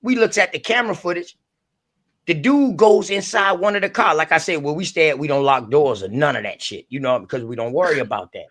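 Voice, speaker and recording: A man with a fairly high, bright, forceful voice tells a story in loose street slang, heavy with curses. He acts out the voices of the people in his tale, coming through an online group call. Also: fairly quick. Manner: profane, loose street talk. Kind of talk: casual storytelling.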